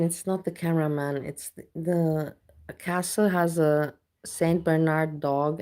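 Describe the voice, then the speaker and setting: Gravelly low-voiced woman ranting on stream. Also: mellow. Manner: blunt, ranting, reads chat aloud. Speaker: livestreamer chatting with viewers. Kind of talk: casual live-stream chat.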